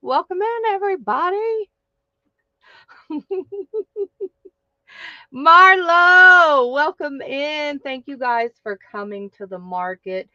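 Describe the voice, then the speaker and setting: A woman's voice: fairly high pitch, dry recording, dull audio. A woman hosting a livestream, bubbly and playful as she greets viewers. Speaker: livestream host.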